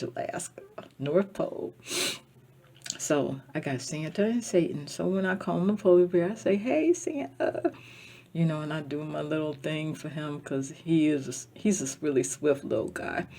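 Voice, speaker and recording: A husky-voiced woman rambles through a tearful personal vlog, circling back on the same phrases. Her low, mellow voice swings from loud declarations to soft near-whispers as she talks. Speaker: vlogger.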